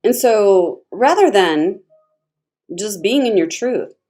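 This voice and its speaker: A woman giving a casual tarot reading, chatty and expressive, laughing often as she talks. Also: mid-range voice, takes it slowly. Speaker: tarot reader.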